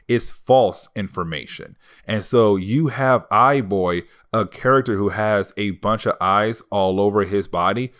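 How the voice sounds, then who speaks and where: A man's voice: fairly low pitch, a bit bright. A man hosting a comic book recap channel, retelling stories in a loose, casual way with lots of "now, of course" and "basically".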